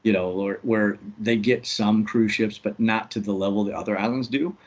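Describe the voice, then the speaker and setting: A man's voice: fairly low pitch, steady tone, normal speed, lo-fi sound. A man co-hosting a casual chat show, telling travel stories in a laid-back way with lots of ums. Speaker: podcast co-host.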